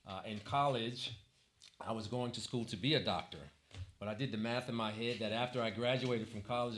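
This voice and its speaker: A man from Washington, D.C., a Toastmasters club president, giving a motivational speech in a church hall with humorous stories and a preacher-like close. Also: mid-range voice. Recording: echoey hall with faint noise.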